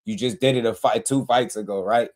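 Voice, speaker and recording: A man hosting a casual boxing livestream, talking emphatically in slang, repeating himself and shouting out viewers from the chat. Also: mid-range voice, steady tone, a little fast. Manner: emphatic, repetitive, slangy, reads super chats aloud.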